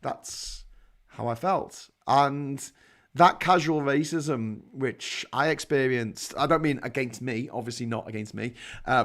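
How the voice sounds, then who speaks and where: A man from England with a Liverpool accent hosts a casual, rambling monologue of stories, full of restarts and mild swearing. His voice is mid-range and a bit bright.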